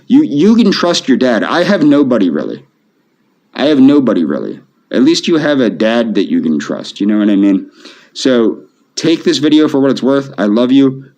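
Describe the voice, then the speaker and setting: A man speaking softly to camera in a pleading, repetitive, emotionally flat way. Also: fairly low pitch. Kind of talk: pleading video monologue. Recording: dull lo-fi video audio.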